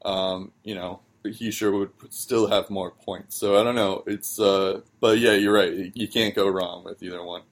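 Low-voiced man chatting loosely. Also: steady tone, a little slow, hardly any pauses. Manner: loose and chatty, lots of ums and likes. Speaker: hockey podcast co-host. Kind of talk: casual chat.

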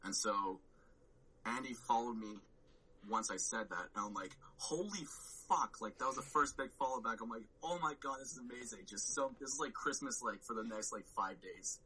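A man's voice: on the low side, normal speed, bright, forceful tone, slight background noise, poor audio. A man telling a story on a podcast, rambling with lots of "like" and swearing and acting out his own reactions. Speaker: podcast guest. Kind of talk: casual storytelling chat.

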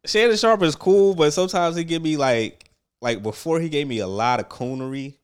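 A man's voice: a little high, normal speed, clear, resonant tone, no echo, clean studio sound. A man co-hosting a podcast, talking loosely and profanely in casual chat and laughing often.

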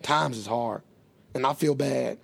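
Boisterous male podcast co-host with a gravelly, husky tone and rowdy humor. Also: mid-range voice, unhurried, a bit bright. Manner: boisterous, crude joking, laughs often. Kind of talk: casual podcast chat.

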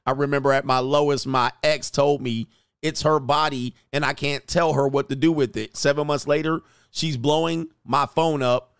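Brief: middle-aged male stream host, slightly high voice, loose, laughs a lot, acts out bits. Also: fairly even intonation, normal speed, fairly bright tone, clean tone, no echo, clean studio sound. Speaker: livestream host reading chat comments. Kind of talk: casual livestream chat.

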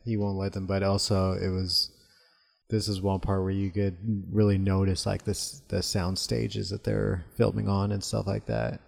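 Tired man, very low voice, rambling casual chat, lots of questions, long reverb. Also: flat delivery, moderate pace, creaky. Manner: rambling, asks many questions, corrects himself. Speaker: podcast co-host.

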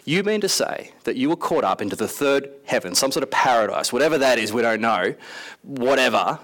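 A man's voice: medium pitch, animated, fairly quick, a bit bright, close to an everyday voice. A man voicing a pestering group of Corinthian churchgoers who beg and push for more. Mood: eager. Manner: pleading, whiny, pushy.

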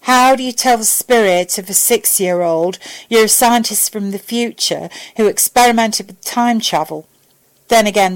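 A woman narrating a fan fiction story in a steady, even way. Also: medium pitch, poor audio.

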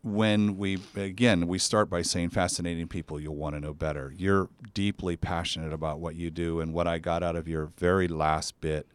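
A man's voice: low-pitched, level tone, moderate pace, hardly any pauses, clear, resonant tone, no echo. A man hosting a podcast in casual chat, effusive and enthusiastic in his praise. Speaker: podcast host.

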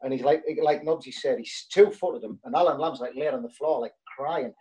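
A man's voice: medium pitch, a little fast, mellow, a little hiss or hum, poor audio. A man, a former footballer telling rambling anecdotes with lots of fillers in casual chat.

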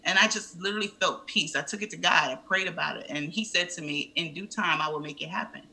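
A woman in her thirties, a guest in an interview, telling a personal story in a lively way and acting out what people said. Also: fairly low pitch, fast, creaky, a little hiss or hum, rough recording. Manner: animated, acts out quoted speech.

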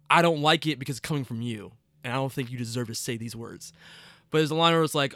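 A young man co-hosting a casual podcast chat, opinionated and animated, swearing and laughing often. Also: mid-range voice, a little fast, clear, resonant tone, no room sound, clean studio sound. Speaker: podcast co-host. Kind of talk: casual chat about superhero movies.

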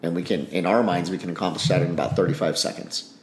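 A man's voice: low voice, steady tone, quick pace, echoey room, a little hiss or hum. A man speaking in a casual interview, blunt and frank, swearing and acting out bits of dialogue. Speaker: podcast guest, army special operations veteran.

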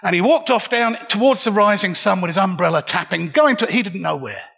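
A man's voice: high voice, lively intonation, fairly quick, gravelly, a bit bright. An older man telling a comic, self-mocking story live on a festival stage. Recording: reverberant hall.

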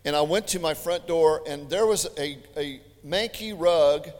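A man preaching a sermon, telling stories in an animated, chatty way with joking asides. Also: on the high side, measured pace. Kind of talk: storytelling sermon. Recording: long hall reverb.

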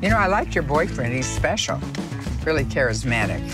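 A woman's voice: a bass voice, big pitch swings, a little fast. An older actress playing a crabby grandmother with a dry, cutting wit, in a film trailer. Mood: wry. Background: music.

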